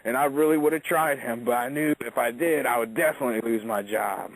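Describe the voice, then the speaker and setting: A man's voice: medium pitch, fairly quick, dry recording, low-quality recording. A man, a wrestler, telling an in-ring story in a casual, profane interview, acting out quotes as he goes.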